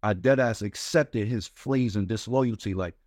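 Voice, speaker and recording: A young man from New York, a rapper guest telling stories in a casual interview, animated and slangy, acting out the voices of people he quotes. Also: lowish voice, unhurried, dry recording, clean studio sound. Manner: animated, slangy, acts out quoted voices, repeats "you get what I'm saying". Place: small podcast studio. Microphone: studio microphone.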